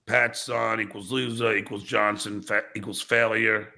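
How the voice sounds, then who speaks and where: A man hosting a livestreamed podcast who rants angrily at chat commenters, swearing and breaking into shouts, then reads viewer messages aloud and mocks them. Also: lowish voice, flat delivery, moderate pace, gravelly. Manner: angry, profane, bursts into shouting; reads viewer chats aloud with mocking replies. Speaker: podcast host.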